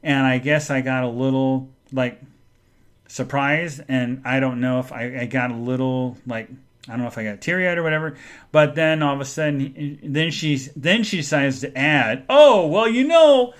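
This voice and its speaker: A middle-aged man tells a personal story on his podcast, rambling through restarts and trailing phrases. His voice sits at an ordinary middle pitch and often drops soft and subdued with emotion. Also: steady tone. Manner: rambling, halting, full of restarts. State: emotional, subdued when speaking of his mother. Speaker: podcast host.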